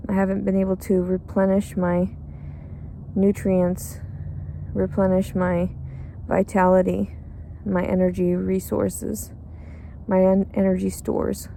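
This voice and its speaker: A woman's voice: mid-range voice, completely flat delivery, slow, gravelly, warm tone, slight background noise. A tired, cranky woman rambling in a bitter, crude, profane monologue outdoors. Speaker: pregnant homeless woman.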